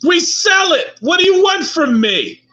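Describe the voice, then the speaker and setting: A man's voice: fairly high pitch, expressive, fairly quick, fairly bright tone. A man voicing a surly middle-aged man who runs a rendering plant, ranting and swearing with exasperation, on a dull lo-fi recording. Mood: shouting.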